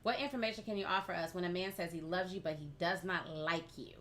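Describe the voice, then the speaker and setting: Bright, emphatic woman love coach. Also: on the low side, fast talker, slight background noise. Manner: emphatic, sassy, addresses listeners directly. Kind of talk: casual chat.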